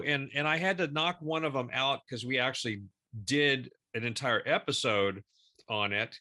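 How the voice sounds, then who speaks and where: A man's voice: medium pitch, normal speed, sharp tone. A middle-aged man co-hosting a casual podcast, laughing easily and talking with lots of fillers. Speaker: podcast co-host, actor.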